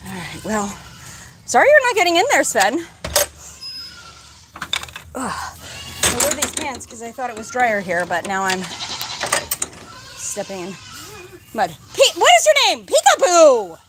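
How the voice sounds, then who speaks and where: Woman farm vlogger, high lively voice, sing-song coaxing, noisy outdoor farmyard. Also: a little slow, pauses often. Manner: chatty, coaxing, talks to animals in a sing-song voice. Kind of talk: casual talk to farm animals. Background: goats bleating.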